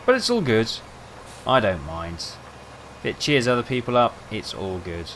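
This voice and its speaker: A man's voice: mid-range voice, very animated, measured pace, a bit bright, slight background noise. A young man rambling casually, telling self-mocking stories over gameplay. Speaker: gaming video host.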